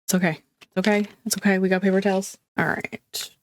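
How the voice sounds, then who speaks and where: A woman's voice: medium pitch, level tone, a little fast, slight background noise. A woman chatting casually through a crafting vlog, talking to viewers with dramatic, squeamish groans and frequent laughs. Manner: chatty, self-deprecating, laughs often. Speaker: craft vlogger.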